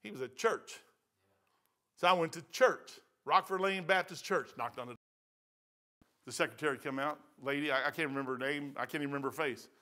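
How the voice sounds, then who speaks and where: An older pastor with a Midwestern American accent preaches a sermon. His voice sits high, and he talks in a folksy, emphatic way, repeating phrases to drive a point home. The tone is bright and forceful. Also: a little fast.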